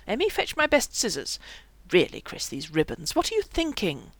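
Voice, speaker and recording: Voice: sits high, wildly swooping pitch, normal speed, vocal fry, darkish tone, dry recording, voice pushed up, heavily acted. A reader putting on a stern, scolding mother. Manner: scolding, severe. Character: stern doting mother, middle-aged woman.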